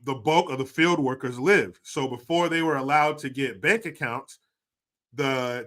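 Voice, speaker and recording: A man's voice: medium pitch, fairly bright tone. A man hosting a livestream, joking crudely, laughing often and reading out viewer donations in casual commentary. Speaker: livestream host.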